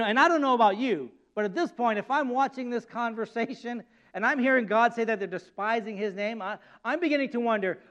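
This male pastor's voice sits high and sounds a bit bright. His sermon is conversational, full of repeated words and rhetorical questions, and he acts out God and the people in quoted speech.

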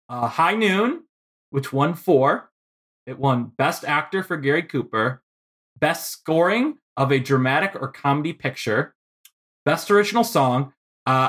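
A man's voice: a little high, a bit bright. A man hosting a film podcast, chatting playfully and laughing often as he runs through award stats. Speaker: podcast host. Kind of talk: casual podcast chat.

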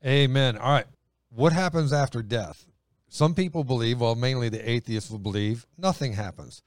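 A man's voice: mid-range voice, normal speed, dry recording, studio quality. A man hosting a podcast, talking in a plain-spoken, opinionated, conversational way. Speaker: podcast host. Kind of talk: casual podcast chat.

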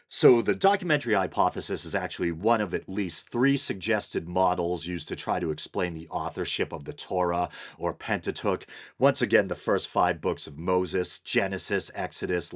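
A man with a New England accent and a very low-pitched voice, hosting his own podcast. He talks in a loose, wry way, poking fun at himself and chuckling between points. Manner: wry, self-deprecating, with frequent "uh" and chuckles. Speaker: podcast host. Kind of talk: casual solo podcast monologue.

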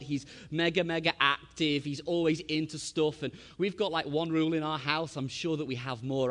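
A man in his thirties preaching to a church, his voice sitting fairly high. He tells stories with animated swings, rising loud and then dropping to a hush. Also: long reverb tail. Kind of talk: sermon with storytelling.

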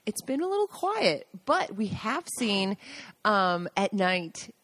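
A woman co-hosting a casual podcast chat, chatty and quick to laugh, telling stories with animation. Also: mid-range voice, big pitch swings, a bit bright. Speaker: co-host. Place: rural home.

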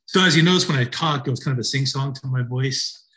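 A man, a podcast guest, telling stories in a relaxed, chuckling way during a casual conversation. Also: mid-range voice, fast.

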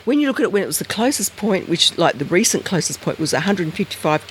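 An Australian researcher telling a story in casual, rambling talk, acting out conversations with big jumps in pitch. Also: sing-song, fast talker, a little hiss or hum. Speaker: interviewee, researcher.

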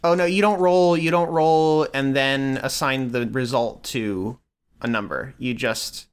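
Man, game master, explains rules, stops and restarts, mid pitch. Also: smooth. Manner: halting, restarts while explaining.

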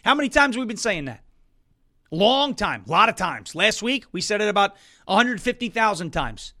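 Male political commentary host, high and bright tone, sarcastic and emphatic. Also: very animated, moderate pace. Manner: sarcastic, mocks opponents in put-on voices; loud emphatic outbursts.

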